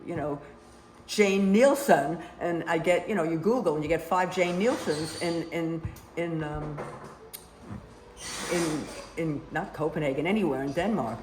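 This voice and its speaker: A woman's voice: sits low, background noise. An older woman telling long, rambling personal stories in casual conversation, with many "you know" asides. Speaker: storyteller guest. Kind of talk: casual storytelling. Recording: roomy echo.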